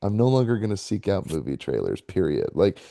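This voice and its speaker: A man's voice: sits low, very animated, fairly quick, creaky, warm tone, no room sound, clean studio sound. A man co-hosting a casual movie-review chat, chatty and good-natured, laughing often as he defends himself. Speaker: podcast co-host.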